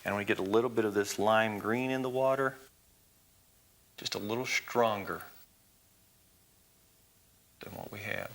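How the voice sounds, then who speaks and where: Folksy male painting instructor, bright and forward tone, chatty step-by-step delivery. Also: fairly low pitch, steady tone, unhurried, long pauses, slight background noise. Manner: folksy, encouraging, talks through each brushstroke. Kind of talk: televised painting lesson.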